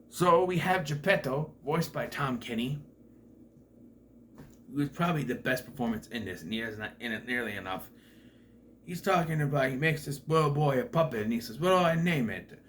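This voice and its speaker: A man's voice: fairly high pitch, a bit bright, a little hiss or hum. Sarcastic, profane man reviewing a movie. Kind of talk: casual movie review commentary.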